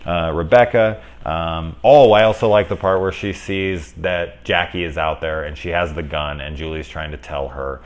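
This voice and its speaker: A man talking casually through a movie review, rambling, correcting himself, and getting lively when he retells scenes. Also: low-pitched, normal speed, hardly any pauses. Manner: rambling, conversational, self-correcting. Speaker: film reviewer.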